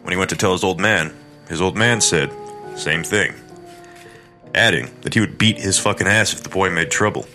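A man's voice: low-pitched, quick pace, pushed and bright, soft background music. A man hosting a horror story podcast, narrating a folk tale with crude, irreverent joking asides.

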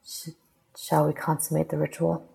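A woman's voice: low voice, completely flat delivery, moderate pace, creaky, dark tone, slightly rough, big-room sound, full character voice, rough recording. A woman voicing a proud young male dragon-clan king who is curt and irritable, his voice catching with nerves. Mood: nervous.

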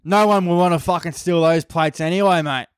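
A man's voice: fairly high pitch, a little fast, clear, resonant tone, no room sound, studio quality, pitched above the performer's own voice, natural voice. A man imitating a laid-back Australian police officer with a casual, matey way of talking.

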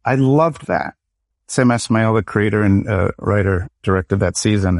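Low-voiced reflective middle-aged man. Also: normal speed, dry recording, studio quality. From Michigan, United States. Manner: reflective, storytelling with quoted dialogue. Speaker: guest, actor and educator. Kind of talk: conversational interview.

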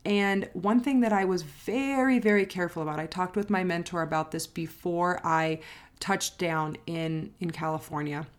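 A woman life coach with a lowish voice talks at a moderate pace directly to camera in her personal vlog. Earnest and reflective, she repeats phrases for emphasis and sounds close to crying.

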